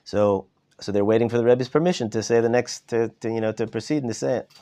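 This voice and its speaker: A male rabbi teaching a class, telling a story in an ordinary mid-range voice. He is animated, repeats and restarts his words, and builds toward his point. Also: mid-range voice, quick pace. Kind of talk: storytelling lesson. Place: study hall.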